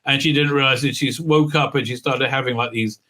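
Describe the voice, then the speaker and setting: A man's voice: medium pitch, fairly even intonation, brisk, pushed and bright. Sarcastic, rambling male reviewer. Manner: sarcastic, rambling, full of filler sounds. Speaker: video reviewer. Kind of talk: casual recap and review rant.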